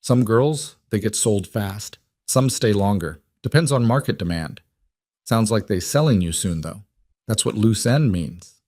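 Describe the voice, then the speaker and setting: A man's voice: lowish voice, a little slow, no echo. A man doing a weary Eastern European woman. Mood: flat, desperate. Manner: flat, clipped broken phrases. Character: frightened weary trafficked woman, broken English.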